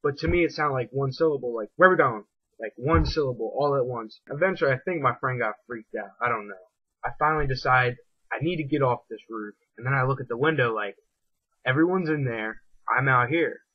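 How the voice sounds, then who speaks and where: A man's voice: mid-range voice, fast talker, breathy edge, dry recording. A young man casually telling a personal story in a reflective, rambling way. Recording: dull lo-fi dry recording.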